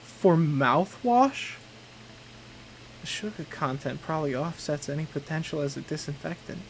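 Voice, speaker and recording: A man doing a gruff boozy old codger. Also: fairly high pitch, expressive, measured pace, a little hiss or hum, poor audio. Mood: incredulous. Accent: put-on Southern US.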